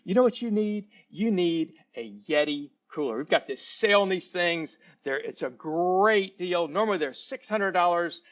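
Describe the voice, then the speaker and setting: An eager young store clerk, polite and quick to push a sale, as a man acts him out in a story. He talks in a higher voice, and the recording is a little muffled. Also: fairly bright tone, lightly acted. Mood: pushy, hyped. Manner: polite, eager, pushy when selling.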